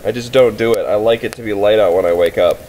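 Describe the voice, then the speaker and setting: A man's voice: lowish voice, fast, darkish tone, slight background noise, rough recording. A man vlogging from his winter campsite, chatting casually and rambling, laughing often as he talks. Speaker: outdoor vlogger. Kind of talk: casual chat at camp.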